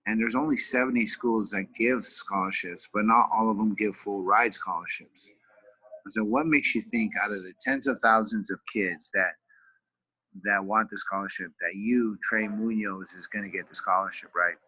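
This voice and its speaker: A man's voice: fairly low pitch, moderate pace, pushed and bright, husky, no echo, low-quality recording. A middle-aged man from California, a retired fighter and wrestling coach, earnestly telling a family story in a casual interview, full of fillers and repeated words.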